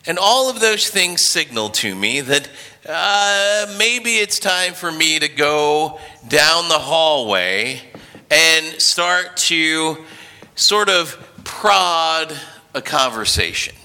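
A man in his thirties preaches with a strikingly bright, ringing tone and a fairly high voice. He speaks slowly and reflectively, circling back over words before landing on them. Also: clear, resonant tone. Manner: hesitant, repeats words, slow and thoughtful. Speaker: pastor. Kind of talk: sermon.

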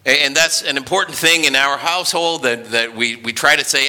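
A man's voice: medium pitch, expressive, normal speed, few pauses, pushed and bright. A man preaching a sermon, thoughtful and hesitant, often repeating his words as he searches for them. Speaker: pastor.

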